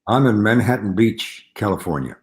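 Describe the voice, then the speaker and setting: A man's voice: fairly low pitch, animated, moderate pace. An older man in a video call interview, cheerful and laughing easily. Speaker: guest actor.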